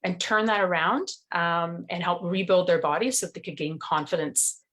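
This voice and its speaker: A woman's voice: on the low side, steady tone, moderate pace, a bit bright. A middle-aged woman, a nutrition coach, telling her story earnestly in an interview over a video call.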